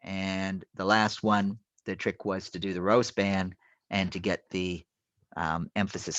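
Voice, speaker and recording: A man's voice: low-pitched, little pitch movement, a little slow, fairly bright tone, dry recording. A man teaching a class, explaining step by step with many fillers and restarts. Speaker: instructor. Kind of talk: classroom lecture.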